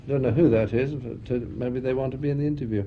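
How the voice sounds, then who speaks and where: A man's voice: mid-range voice, steady tone, quick pace. An English man giving an interview, telling stories in a dry, wry way and often laughing. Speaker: interview guest. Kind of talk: anecdotal interview chat. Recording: muffled recording with faint noise.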